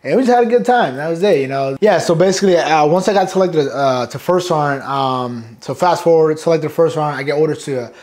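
A middle-aged man from New York, a guest in an interview, telling his stories in a casual, animated and profane way, acting out quotes with laughter. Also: a little high, fairly quick, few pauses.

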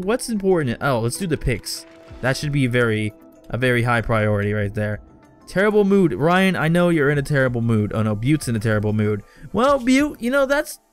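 Young man, casual game commentary, exasperated scolding, swears, slightly high voice, quiet music under. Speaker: let's play gamer.

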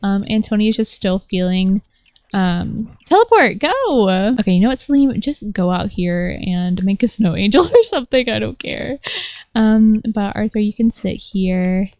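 A woman's voice: mid-range voice, very animated, measured pace, darkish tone, no echo. A young woman giving casual, gushing commentary over a life-simulation game, laughing often. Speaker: Sims gameplay commentator.

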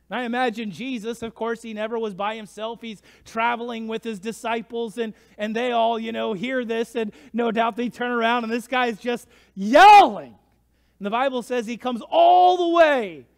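A man preaching a sermon as pastor, telling the story with swings from hushed to shouting. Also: high-pitched, smooth. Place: church sanctuary. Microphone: livestream church mic.

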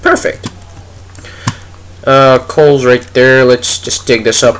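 A man's voice: medium pitch, slight background noise. Goofy young man narrating his game. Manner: goofy, chatty, talks to the game animals. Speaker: gaming YouTuber. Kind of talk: casual let's play commentary.

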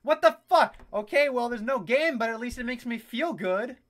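A young adult gameplay commentator delivers comedic let's-play commentary in a mid-range voice at a moderate pace. He is loud and excitable, swearing often and throwing in sarcastic asides.

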